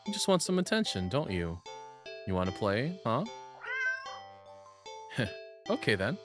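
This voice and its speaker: A man's voice: medium pitch, sing-song, measured pace, music in the background. A man playing a text game, reading its narration aloud and breaking off into giggly, self-deprecating asides. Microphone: studio shotgun mic on a boom arm.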